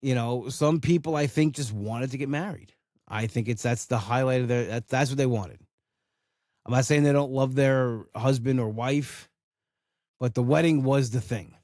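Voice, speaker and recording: A man hosts his own podcast alone, griping bluntly and casually with plenty of swearing. His voice sits at an ordinary middle pitch. The recording is dry and close, with no room sound. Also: moderate pace, a little mellow, no echo. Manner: ranting, blunt and profane. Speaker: podcast host. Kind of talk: casual solo rant.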